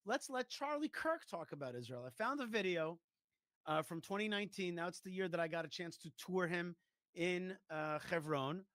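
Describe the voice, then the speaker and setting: A man hosting a talk show, introducing a clip in a conversational way with pauses. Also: sits high, lively intonation, fairly bright tone, no room sound. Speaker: show host.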